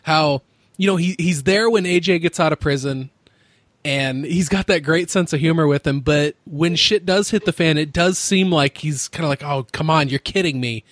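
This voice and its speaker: A man's voice: on the high side, normal speed, no room sound, clean studio sound. A man hosting a podcast, chatting casually, joking and laughing often like a gushing fan. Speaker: podcast host.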